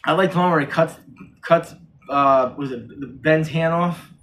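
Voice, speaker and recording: Male horror-movie reviewer, a little high-pitched, in an excited, rambling casual chat full of restarts. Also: a little slow, a little hiss or hum. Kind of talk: casual chat, retelling a film plot.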